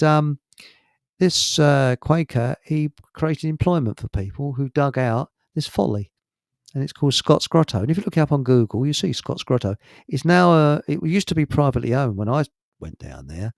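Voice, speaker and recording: A man's voice: mid-range voice, creaky, a little mellow, no room sound, clean studio sound. A man with a Hertfordshire accent chatting casually as host, rambling, chuckling often and trailing off mid-sentence. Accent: Hertfordshire English. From England. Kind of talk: casual chat.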